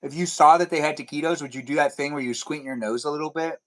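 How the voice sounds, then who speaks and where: A man's voice: on the high side, quick pace, a bit bright. Man, livestream host, casual rambling chat, playful, stretches words out.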